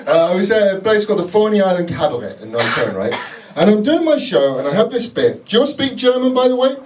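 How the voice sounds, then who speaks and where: Animated, high-voiced comedian. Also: male voice, quick pace. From England. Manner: self-deprecating, animated storytelling. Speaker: stand-up comedian. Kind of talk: stand-up comedy set. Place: basement comedy club. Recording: distant, noisy live club recording.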